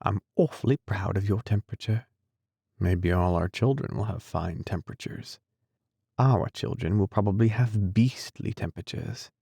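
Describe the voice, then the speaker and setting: A man's voice: lowish voice, normal speed, vocal fry, slightly rough, dry recording. A man voicing a tender, teasing young nurse. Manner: soft, coaxing, affectionate. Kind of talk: audiobook character reading.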